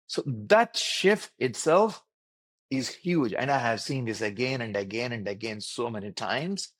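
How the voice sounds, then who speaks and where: A doctor, speaking earnestly as a podcast guest and explaining with repeated phrases and lists. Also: male voice, medium pitch, animated, a little slow, dry recording. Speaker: doctor and wellness program creator.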